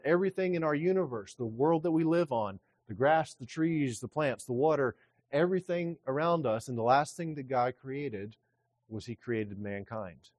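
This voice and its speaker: A man pastor delivering a sermon, reading scripture slowly and preaching with emphasis. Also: medium pitch, darkish tone, no echo, clean studio sound.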